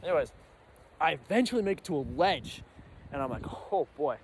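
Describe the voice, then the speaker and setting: A young man telling a casual storytime vlog, animated and acting out his own panicked reactions. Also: on the high side, brisk, a little hiss or hum. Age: young adult. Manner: animated, acts out his own reactions with sudden loud bursts. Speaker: storyteller vlogger.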